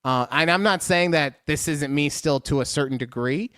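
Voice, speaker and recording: A man's voice: fairly high pitch, normal speed, bright, forceful tone, clear, resonant tone, dry recording. Man, podcast co-host, jokey and mock-dramatic, swears a lot, dry close sound. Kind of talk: casual chat, reading horoscopes aloud.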